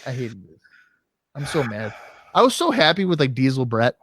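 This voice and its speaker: A man's voice: mid-range voice, big pitch swings, moderate pace, a bit bright, breathy edge. A man co-hosting a casual podcast, ranting and swearing often as he reviews a wrestling show. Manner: ranting, swears often, acts out quoted voices. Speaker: podcast co-host.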